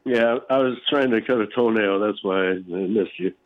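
A man's voice: fairly low pitch, moderate pace. A man calling into a radio quiz, answering hesitantly and unsure of himself. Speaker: caller. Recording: dull phone line.

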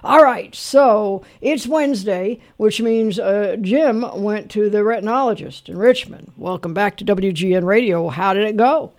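A man's voice: high voice, a little slow, hardly any pauses. A man hosting a radio call-in show, talking bluntly and lecturing a caller with firm advice. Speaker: radio talk show host. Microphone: studio broadcast mic.

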